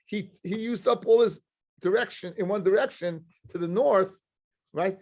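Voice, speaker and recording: A man, a rabbi, teaching a live Talmud class to students, explaining emphatically, repeating himself and quizzing the room. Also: high voice.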